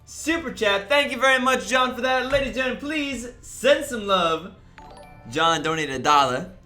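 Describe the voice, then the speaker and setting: A man's voice: extremely high pitch, expressive, moderate pace, pushed and bright. A man hosting a casual livestream, upbeat, greeting viewers one after another by name. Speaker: livestream host. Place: echoey room. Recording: roomy echo, faint music behind.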